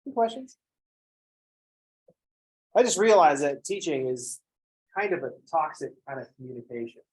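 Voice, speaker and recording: Male math lecturer, slightly high voice, sarcastic and jokey, acts out students. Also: very animated, normal speed, low-quality recording. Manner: joking, sarcastic asides. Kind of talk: recorded classroom lecture.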